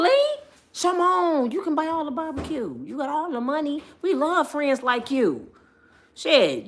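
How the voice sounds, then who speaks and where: A woman vlogger telling a comedic storytime in an animated, slangy, joking manner, often laughing. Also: high-pitched.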